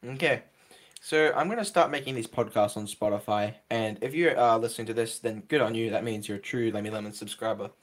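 A man's voice: on the low side, brisk. A young Australian man hosting a casual podcast, rambling and joking with lots of fillers. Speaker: podcast host.

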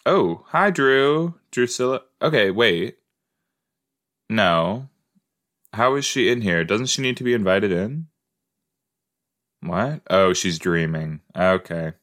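A man's voice: fairly low pitch, a bit bright. A man hosting a casual watch-along podcast, thinking aloud in a playful, rambling way with many fillers. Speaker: podcast host reacting to a TV episode.

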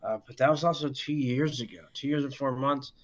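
A man co-hosting a casual fight podcast, speaking haltingly and filling his pauses with ums and uhs. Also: medium pitch, steady tone. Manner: slow, halting, lots of fillers. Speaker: podcast co-host. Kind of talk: casual chat. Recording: dull lo-fi audio.

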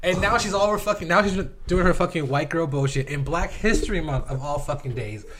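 A man's voice: a little high, a little fast, a bit bright, slight background noise. A man on a casual podcast, teasing the others in a slangy way. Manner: slangy, teasing, says "bro" often. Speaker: podcast co-host.

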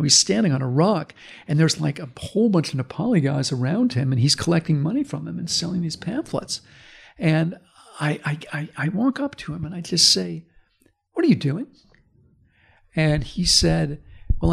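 A man's voice: a little high, gravelly, slightly rough. A man, a history professor, telling a story in conversation, acting out the people in it with blunt, emphatic and sometimes profane talk. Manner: animated storyteller acting out quoted voices.

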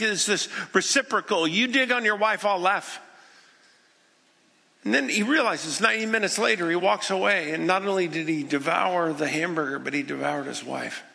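A male pastor delivers a sermon in a high, gleaming voice with a gravelly edge. He speaks conversationally, slipping into the imagined prayers of ordinary people. The sound carries a long reverb, like a large worship hall. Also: bright, forceful tone. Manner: conversational storytelling, acting out people's inner prayers.

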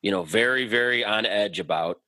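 A man's voice: fairly low pitch, a little fast, sharp tone, dry recording, rough recording. A man hosting a podcast in easygoing casual chat. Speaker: podcast host.

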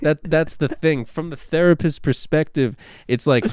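A man co-hosts a podcast, speaking a little high at a moderate pace with a clear, resonant tone. He talks casually and at length in an animated, rambling way, swearing freely and padding pauses with "uh" and "you know." The studio recording is clean, with no echo.

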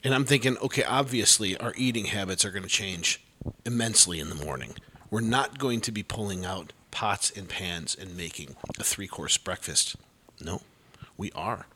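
A man's voice: low voice, normal speed, pushed and bright, slight background noise. A man leading a casual family chat at home, teasing and laughing often.

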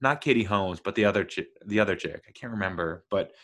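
Enthusiastic male reviewer, lower pitch, loose and rambling delivery. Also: fast, a bit bright. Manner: rambling, many fillers and restarts, enthusiastic. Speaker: TV show reviewer. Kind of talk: casual review chat.

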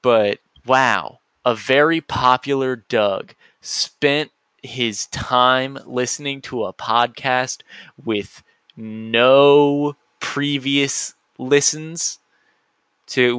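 A man's voice: mid-range voice, a bit bright, clean tone, dry recording. A man hosting a solo podcast, rambling goofily and often cutting himself off mid-sentence. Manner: goofy, rambling, self-interrupting. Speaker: podcast host.

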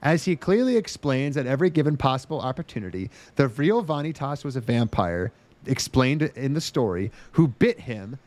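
A man's voice: medium pitch, sing-song, normal speed, a little mellow. Sarcastic ranting podcast host man. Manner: sarcastic, profane ranting with mocking put-on voices. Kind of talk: casual podcast recap.

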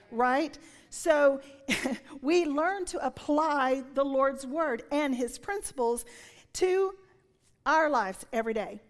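A woman in her sixties preaching a sermon with a personal testimony, telling her story in an animated way and dropping to a whisper when she quotes. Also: high voice, slow. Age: 60s. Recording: long reverb of a large hall.

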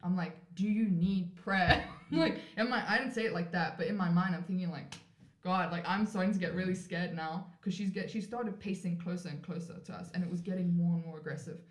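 Woman from South Africa, podcast guest. Lowish voice, animated storyteller, lots of "like", roomy echo. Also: fast. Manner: animated, acts out quoted voices, frequent "like" fillers. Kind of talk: storytelling in a casual interview. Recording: roomy echoey room.

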